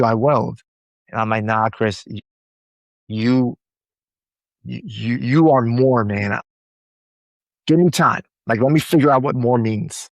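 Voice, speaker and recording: Man, podcast guest, lively storyteller, mid-pitched voice, dry close sound. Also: no room sound. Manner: animated storyteller, repeats words when excited. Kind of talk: storytelling in a conversational interview.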